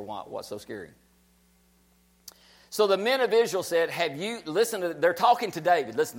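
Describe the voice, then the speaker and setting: A man preaching a sermon, emphatic and repetitive, urging his listeners on. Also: fairly high pitch. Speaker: pastor.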